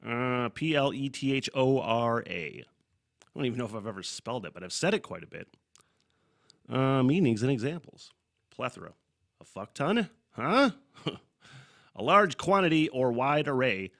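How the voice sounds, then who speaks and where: A man's voice: mid-range voice, lively intonation, normal speed, gravelly, a bit bright. A man hosting his own podcast, chatting casually and loosely, swearing freely and laughing at his own asides. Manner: loose and profane, rambling with fillers and chuckles. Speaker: podcast host. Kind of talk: casual solo podcast chat.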